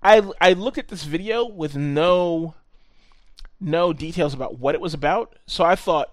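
A man with a fairly high voice rants casually on a podcast, swearing freely and laying on the sarcasm. The sound is dry and close, with no room around it. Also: unhurried, dry recording. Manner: profane, ranting, sarcastic. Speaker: podcast co-host. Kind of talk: casual chat.

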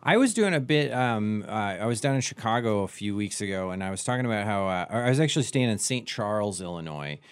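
A comedian from Wisconsin with a Wisconsin accent, telling rambling, joking stories as a guest in casual chat. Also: male voice, on the low side, lively intonation, quick pace, hardly any pauses, clean tone. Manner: rambling, joking, many fillers and restarts.

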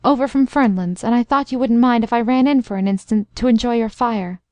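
A woman's voice: fairly high pitch, fairly quick, a little mellow, no room sound, lightly acted. A woman reading as a tactful young woman. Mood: earnest.

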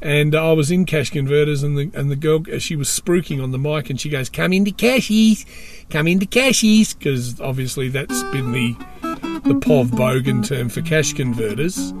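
A man's voice: medium pitch, fairly even intonation, normal speed, darkish tone, faint music behind. An Australian man delivering a rambling comic monologue with wry, sardonic asides.

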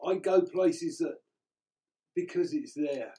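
Laughing English man, slightly high voice. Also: slow, warm tone, poor audio. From England. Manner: chatty, laughs often while talking. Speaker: radio show co-host. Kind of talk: casual chat.

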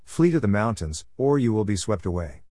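A man's voice: on the low side, very animated, fairly quick, warm tone, no echo, studio quality. A man reading the urgent commands of stern messengers.

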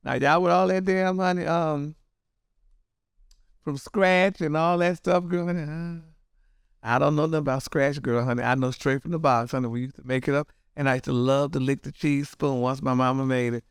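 A man's voice: on the high side, steady tone, normal speed, smooth, no echo, clean studio sound. A man hosting celebrity gossip in a sassy, dramatic way, calling everyone honey and girl. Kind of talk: casual gossip commentary.

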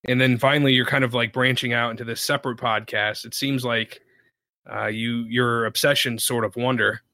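A man on a podcast, talking about podcasting in a relaxed, chatty way with many fillers. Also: medium pitch, moderate pace, no echo, studio quality. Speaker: podcaster guest. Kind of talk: casual podcast chat.

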